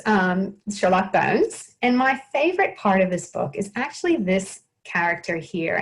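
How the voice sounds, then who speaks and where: A woman talks about her work as a children's author and illustrator, chatty and self-deprecating. She often stops and restarts her sentences, and her voice sits at a middle pitch. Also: low-quality recording. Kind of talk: casual interview answers.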